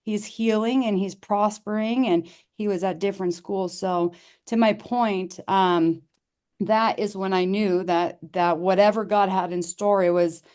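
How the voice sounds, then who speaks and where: A woman's voice: medium pitch, darkish tone, clear, resonant tone. A middle-aged woman, a podcast guest, telling a personal story in casual conversation, earnest and heartfelt, often restarting her sentences and acting out what people said. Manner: earnest, with many restarts and reenacted dialogue.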